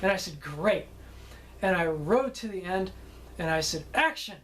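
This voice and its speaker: A man's voice: high-pitched, normal speed, fairly bright tone, a little hiss or hum, low-quality recording. A film director telling stories from a film shoot in a chatty way, often tagging his sentences with "okay?" and laughing at his own tales. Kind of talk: anecdotal storytelling.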